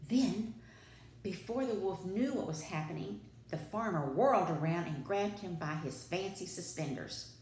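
A woman preschool teacher reading a storybook aloud with dramatic, expressive delivery. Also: fairly low pitch, normal speed, few pauses, slight background noise. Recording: echoey room.

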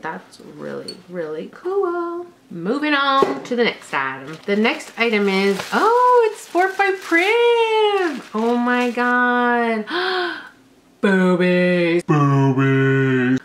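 A young woman vlogger from Canada chatting casually through an unboxing, gushing and exclaiming over each item. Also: mid-range voice. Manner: gushing, excitable, lots of gasps and exclamations.

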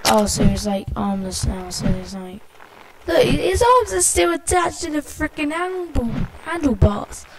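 Excitable swearing woman gamer, loud hiss. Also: high voice, a little slow. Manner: excitable, swears often, exclaims at the game. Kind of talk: let's play commentary. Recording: loud background noise, amateur capture.

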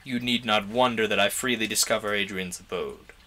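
A man's voice: fairly low pitch, brisk, sharp tone. A man reading a novel aloud, voicing an ambitious, haughty young nobleman in a grand, declamatory way.

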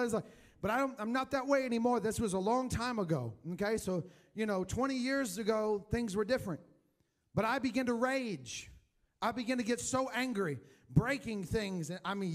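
A man preaching a sermon in church, telling his personal testimony, rising loud for emphasis and dropping to a hushed voice when emotional. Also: sits high. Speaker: pastor.

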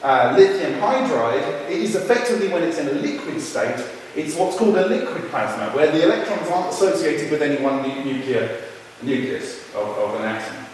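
A man's voice: on the high side, lively intonation, a little fast, a little hiss or hum. A man giving a chatty, informal university lecture, telling anecdotes and swearing casually as he explains. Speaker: guest lecturer. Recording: very echoey hall, distant mic.

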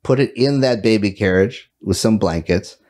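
A man's voice: lowish voice, moderate pace, a little mellow. A middle-aged man, a podcast guest, telling stories casually, laughing often and swearing freely. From United States. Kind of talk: casual storytelling.

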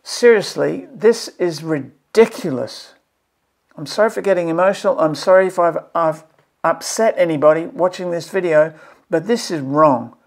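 Man, gravelly voice, maths educator, earnest, exasperated commentary, pleading, repetitive emphasis. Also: fairly high pitch. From Australia. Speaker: maths educator presenting a video series. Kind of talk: impassioned commentary to camera.

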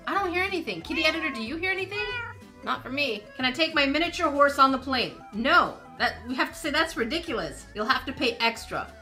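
A woman's voice: high voice, lively intonation, fast, sharp tone, soft background music. A woman gaming streamer giving casual let's-play commentary, playfully reading game text aloud and reacting to it.

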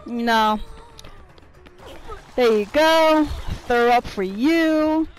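A woman's voice: on the high side, drawn-out words, soft background music, rough recording. A woman giving profane, irritated live commentary while playing a video game, trash-talking her opponents. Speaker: gameplay streamer.

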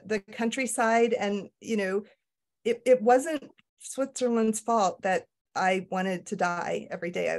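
A middle-aged woman speaks in an author interview with a candid, self-deprecating manner. Her pitch sits in the middle of the range. She often breaks off and restarts her sentences. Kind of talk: casual conversation.

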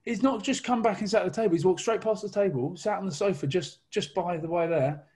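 A man's voice: high-pitched, fast, a little mellow, slightly rough. A man telling a long comic anecdote, rambling and laughing as he goes. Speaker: guest storyteller.

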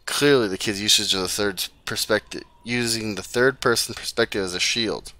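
Forceful low-voiced man streaming a game. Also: normal speed, few pauses, no room sound. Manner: reads game text aloud with casual asides. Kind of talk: let's play game commentary and reading.

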